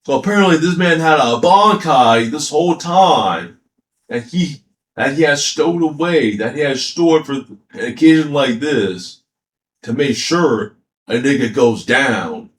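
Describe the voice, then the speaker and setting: A man's voice: medium pitch, unhurried, echoey room. A man casually ranting about an anime, retelling scenes with swearing and laughter. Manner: animated, profane, laughing storytelling. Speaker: anime commentator.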